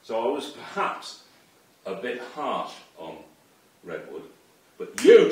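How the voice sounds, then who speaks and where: A man's voice: medium pitch, wildly swooping pitch, slow. A man ranting angrily to camera in an unscripted, profane tirade, accusing someone directly. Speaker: online commentator. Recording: very echoey room, far from the mic.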